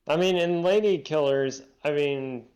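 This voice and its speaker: A man's voice: fairly high pitch, measured pace, a little mellow. A man co-hosting a casual movie podcast, laid-back and hesitant, with lots of "I mean" fillers. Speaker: podcast co-host. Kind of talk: casual chat about movies.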